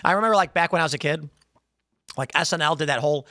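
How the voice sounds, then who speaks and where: A man hosting a political commentary show, talking in a sarcastic, rambling way with animated asides on a close mic. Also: fairly high pitch, very fast, no room sound. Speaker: host.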